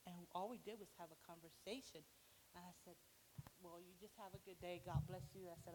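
A woman's voice: lowish voice, long reverb tail, slight background noise, rough recording. A woman sharing a personal church testimony and acting out the dialogue in her story. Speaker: church member giving testimony.

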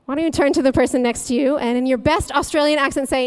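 A woman's voice: high voice, fairly even intonation, quick pace, hardly any pauses. A young woman giving a conversational sermon as a guest speaker, chatty and humorous, often breaking into laughter.

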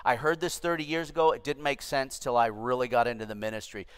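A man's voice: mid-range voice, fairly even intonation, quick pace, a bit bright, clean tone. An older man, a pastor, teaching a discipleship class with emphatic repetition, in an echoey church room. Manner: emphatic, repeats key phrases.

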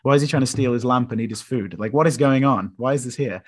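Man, podcast co-host, casual film chat, enthusiastic, rambling, mid-pitched voice. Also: quick pace, husky.

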